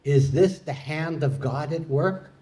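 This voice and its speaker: A man's voice: fairly high pitch, expressive, measured pace, warm tone. A man performing a live stand-up comedy set, delivering puns to an audience in a hall. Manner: punning, playful delivery with audience laughter.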